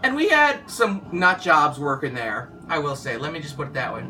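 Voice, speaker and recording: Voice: mid-range voice, lively intonation, moderate pace, sharp tone, a little hiss or hum. Rambling storyteller, distant mic. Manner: rambling, loses track and restarts. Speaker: former car wash worker. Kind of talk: casual spoken storytelling.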